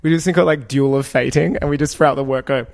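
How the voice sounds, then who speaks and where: A man's voice: mid-range voice, steady tone, vocal fry. Joking male podcast co-host. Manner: joking, quick banter. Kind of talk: casual chat.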